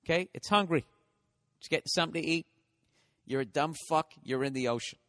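A man's voice: fairly high pitch, fairly quick, fairly bright tone, big-room sound. A man hosting a solo comedy podcast, talking in a rambling, profane, ranting way.

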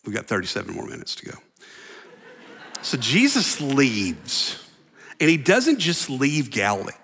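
Animated male preacher in a reverberant hall. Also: mid-range voice, a little slow, creaky, husky. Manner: animated preacher, acts out voices, drops to near whispers. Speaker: pastor. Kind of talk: sermon. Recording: long reverb of a large hall.

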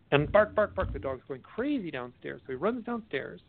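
A man, a guest author, telling stories in a casual interview, animated and often restarting his sentences, heard over a phone line. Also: on the high side, moderate pace, creaky, few pauses, a little hiss or hum. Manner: animated storyteller, restarts a lot. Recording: tinny dry phone line.

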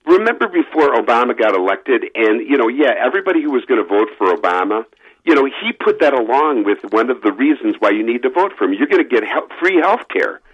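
Husky guy calling into radio, animated, sounds dull over the phone. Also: medium pitch, fast. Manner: animated, emphatic. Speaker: caller. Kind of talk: political call-in radio talk. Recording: muffled phone line.

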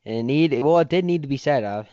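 A man's voice: mid-range voice, animated, fast, mellow, no echo. Profane man ranting, lo-fi. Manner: profane, heated, rambling. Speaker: podcast host. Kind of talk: casual podcast rant.

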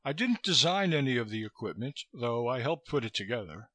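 A man's voice: mid-range voice, sing-song, bright, forceful tone, dry recording. A man reading a polite, cautious scientist. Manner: polite, measured.

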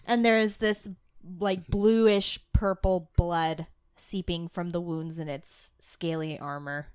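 Smooth-voiced woman running a tabletop game. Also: on the low side, steady tone, slow, darkish tone, dry recording. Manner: easygoing, giggly, loose descriptive narration. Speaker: game master.

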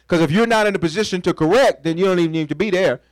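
Pastor guy preaching, playful and chatty, acts out little scenes, fairly high voice. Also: racing, no room sound, poor audio. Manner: call-and-response preaching, asks the congregation to fill in words. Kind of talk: sermon.

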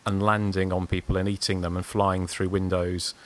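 Southern English podcast co-host, very low voice, meandering and self-deprecating. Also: male voice, flat delivery, normal speed, background noise. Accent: English, southern, slightly posh. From Surrey, England. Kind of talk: casual chat.

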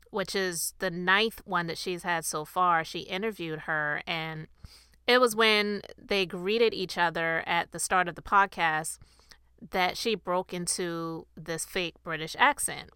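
Bright, crisp-voiced woman podcast host. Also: lowish voice, unhurried, no room sound, clean studio sound. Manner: chatty, opinionated, emphatic. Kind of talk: casual commentary.

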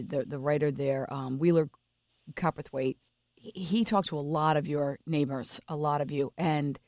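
A woman's voice: low voice, a little mellow, no room sound. Host: an emphatic, sympathetic woman in a dry radio studio. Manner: sympathetic, emphatic, stumbling restarts. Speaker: radio talk show host. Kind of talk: talk radio interview.

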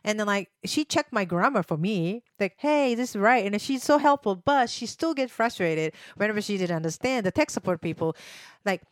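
A young Japanese woman speaking English with a thick accent, chatting in a close, dry recording. Her pitch swings widely as she rambles through fillers and slips into playful imitations. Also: normal speed, few pauses, no room sound. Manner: chatty, lots of fillers, animated mimicking. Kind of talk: casual chat.

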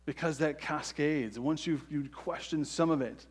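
A man's voice: on the high side, unhurried, husky. A man preaching a sermon earnestly, often checking in with the congregation by asking "right?". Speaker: pastor.

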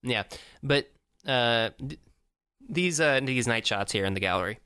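Male co-host, casual film review, halting delivery, dead-dry close mic. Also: mid-range voice, animated, sharp tone, smooth, no room sound. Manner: hesitant, lots of fillers, dry asides. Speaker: podcast co-host. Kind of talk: casual movie-review chat.

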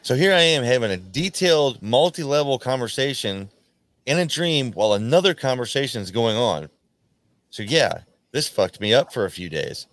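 A man hosting a podcast, telling a rambling, profane story in casual chat, often restarting his sentences and acting out quoted lines in a louder, higher voice. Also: animated, moderate pace, no echo. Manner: acts out quoted lines with sudden jumps in pitch. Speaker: podcast host.

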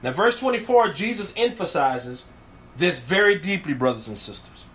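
A male pastor with a notably high voice for a man teaches through scripture in a video sermon. He is earnest and emphatic, and he circles back to repeat his key phrases for weight. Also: big pitch swings, normal speed, fairly bright tone, a little hiss or hum.

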